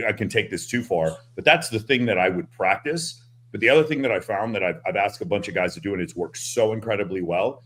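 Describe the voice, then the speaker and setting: A man in a group talk, explaining things in a deliberate, somewhat nerdy way. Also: fairly low pitch, a bit bright. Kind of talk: casual group chat on a stream.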